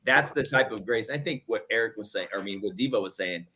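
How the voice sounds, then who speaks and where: A man co-hosting a faith podcast in casual chat, animated and emphatic, speaking in quick bursts. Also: on the low side, husky. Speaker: podcast co-host.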